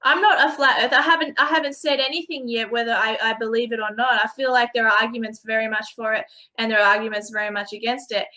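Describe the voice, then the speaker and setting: A woman from Australia conducts a casual interview. She has a bright, fairly high voice. She laughs easily, apologizes often and is quick to cut in. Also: steady tone.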